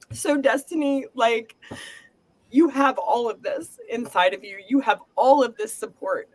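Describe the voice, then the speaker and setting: A woman's voice: fairly high pitch, slow pace, pauses often. Earnest emotional woman psychic reader. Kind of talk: live group reading.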